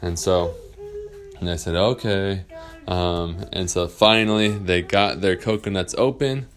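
In a fairly low voice, a man makes up a bedtime story as he goes. His delivery is relaxed and rambling, full of pauses and fillers.

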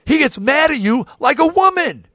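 A man's voice: extremely high pitch, very animated, moderate pace, pushed and bright, dry recording, clean studio sound, voice pushed up, exaggerated voice. A man putting on his exasperated wife's voice, scolding him emphatically. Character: exasperated protective wife, lecturing.

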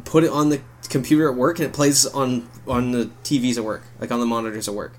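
A man co-hosting a podcast in casual chat, animated, swearing and laughing often. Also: mid-range voice, fast. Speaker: podcast co-host.

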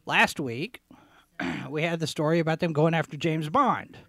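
Guy hosting a talk show, high-ish voice, sarcastic running commentary, keeps clearing his throat, dead dry room. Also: unhurried, fairly bright tone, no room sound. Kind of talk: opinionated commentary, reading headlines.

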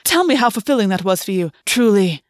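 A woman's voice: mid-range voice, steady tone, moderate pace, a little mellow, no echo, clean studio sound, lightly acted. A woman reading aloud and voicing a scheming, petty male fae lord who talks persuasively. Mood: cutting.

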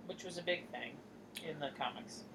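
A woman's voice: low-pitched, fairly bright tone. A woman co-hosting a podcast, chatting casually and cutting in with teasing remarks. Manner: quick, interjecting, teasing. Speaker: podcast co-host. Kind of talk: casual chat.

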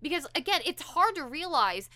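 A woman's voice: high-pitched, normal speed, dry recording. A young woman co-hosting a podcast, retelling an episode in casual chat and acting out the characters' lines as she goes. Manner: animated, acts out characters' lines while retelling. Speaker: podcast co-host.

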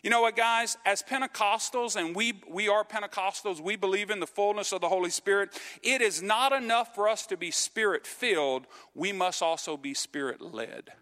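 A man's voice: high voice, normal speed, few pauses, sharp tone. A man preaching a sermon in a church, earnest, often asking "okay?" and calling for amens from the congregation. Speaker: pastor. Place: church sanctuary. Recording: long reverb of a church hall.

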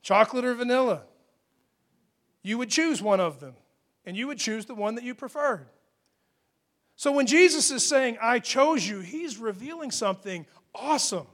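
A man preaching a conversational sermon, moving between rising emphatic peaks and hushed, quieter asides. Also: very high-pitched, animated, normal speed, long pauses. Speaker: pastor. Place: church hall.

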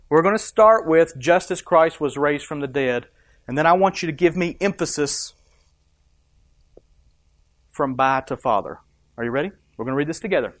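A man's voice: on the high side, no room sound, clean studio sound. A man preaching a sermon, emphatic and rising and dropping for effect, asking the congregation questions. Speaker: pastor.

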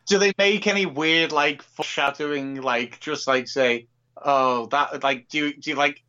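A man co-hosting a casual podcast, talking with animated enthusiasm and frequent swearing. His voice sits a touch higher than most men's. The recording sounds dull and lo-fi. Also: moderate pace. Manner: animated, swears freely, excitable outbursts. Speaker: podcast co-host. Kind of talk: casual chat.

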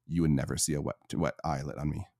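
A middle-aged man speaks with a low, mellow voice, earnest and reflective as he answers questions. The sound is dry and close, with no room around him. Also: fairly even intonation, quick pace, no room sound. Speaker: guest, Catholic life coach for men.

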